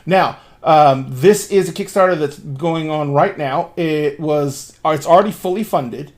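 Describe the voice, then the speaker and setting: A man's voice: a little high, measured pace. A man running a tabletop game on a stream, talking in a casual, rambling way and swearing now and then. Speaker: game master.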